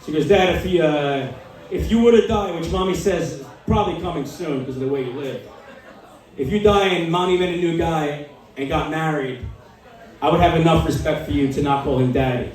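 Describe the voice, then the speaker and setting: A man in his forties performs a stand-up set with a fairly high voice and a deadpan storytelling manner. He acts out the people he quotes. He sounds far from the mic, in a strongly echoing club. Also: brisk. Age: 40s. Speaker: stand-up comedian. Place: small comedy club.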